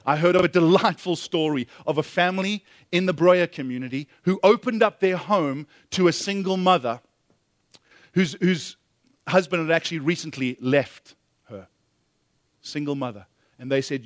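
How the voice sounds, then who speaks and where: A man's voice: on the high side, normal speed, no room sound. Earnest preaching man, dry close sound. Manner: earnest preaching, repeats phrases for emphasis. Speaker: pastor. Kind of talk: sermon.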